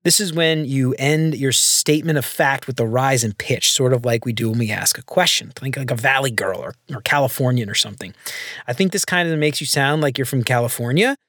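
A man's voice: mid-range voice, brisk, fairly bright tone, no echo, studio quality. A man hosting a solo podcast, explaining speaking tips step by step in a conversational way. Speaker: podcast host. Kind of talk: solo instructional podcast talk.

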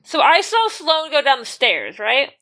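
A woman at a tabletop game works through her plan out loud, checking facts with the game master. Her voice is bright and lively, with wide swings in pitch. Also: a little slow. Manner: questioning, thinking aloud. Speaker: tabletop player.

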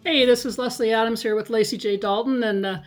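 A woman's voice: a little high, steady tone, fast talker, faint music behind. A woman interviewer asking questions in casual conversation, with teasing asides.

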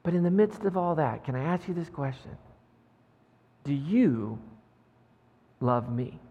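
A man voicing a calm, patient male teacher who gently asks questions, recorded with a long hall reverb. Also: high-pitched, fast, husky, narrow, tinny audio. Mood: tender.

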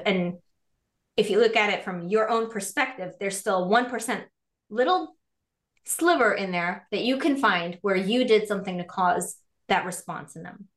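A woman guest on a podcast, chatting animatedly and illustrating her points with examples. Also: mid-range voice. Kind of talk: casual chat.

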